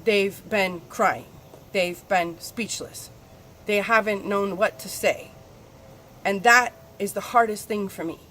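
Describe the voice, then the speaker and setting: A woman talking candidly in a personal spiritual vlog, confessional and swearing freely, her voice swinging between soft and loud. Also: medium pitch, takes it slowly, a little hiss or hum. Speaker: spiritual vlogger.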